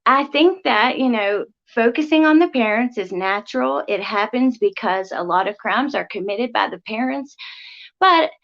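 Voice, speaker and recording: A woman's voice: fairly high pitch, lively intonation, normal speed, gravelly. A young woman hosting a casual livestream, rambling through viewer comments with lots of ums and likes. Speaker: livestream host. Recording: slightly dull lo-fi audio.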